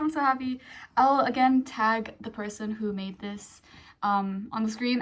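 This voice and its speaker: A young woman talks to her camera in a loose, chatty vlog style, full of fillers and quick bursts of excitement. Her voice sits a little high. A faint hiss runs underneath. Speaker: vlogger. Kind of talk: casual vlog chat.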